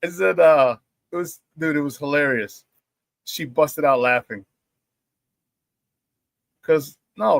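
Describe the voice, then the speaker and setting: A man's voice: a little high, slow pace, gravelly, pauses often, no echo. A man hosting a casual sports talk show, brash and profane, trash-talking rivals and laughing often between remarks.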